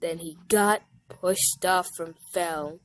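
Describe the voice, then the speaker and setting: A young woman casually reading out a fan story, with giggly, lively asides. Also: on the low side, slow pace.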